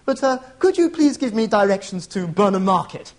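A man's voice: high voice, big pitch swings, moderate pace, pitched above the performer's own voice. A man voicing a polite, hesitant lost driver asking for directions.

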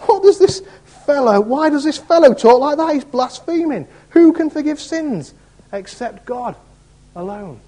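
A male preacher voicing indignant religious teachers with squeaky, outraged muttering. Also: lively intonation, unhurried, mellow.

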